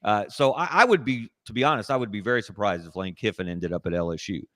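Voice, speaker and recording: A man guesting on a sports talk show, making measured, analytical points over a video call in a casual discussion. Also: on the low side, sharp tone, no echo.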